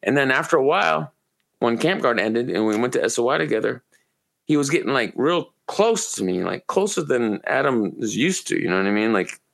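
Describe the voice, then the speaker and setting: A man from Maine co-hosting a podcast, telling long rambling, profane stories in a relaxed, casual way. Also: medium pitch, fairly quick, creaky. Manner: profane, rambling, laid-back storyteller. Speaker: podcast co-host. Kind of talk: casual storytelling chat.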